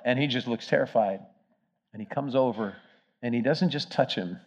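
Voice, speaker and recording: A man preaching a sermon, telling the story with energy and swinging between loud emphasis and hushed moments. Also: medium pitch, normal speed. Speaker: pastor. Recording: dull, muffled sermon recording.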